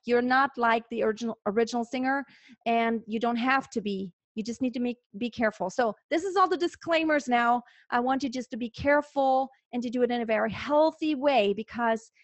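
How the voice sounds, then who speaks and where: High-voiced woman vocal coach. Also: dry recording. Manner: earnest and instructive, breaks off to sing examples. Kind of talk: singing lesson with sung demonstrations.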